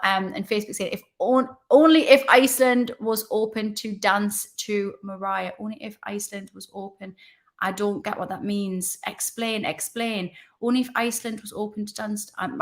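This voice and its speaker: Chatty woman hosting a live chat. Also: medium pitch. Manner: chatty, warm-hearted, rambling with self-mocking asides. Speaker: livestream host. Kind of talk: casual live chat to viewers.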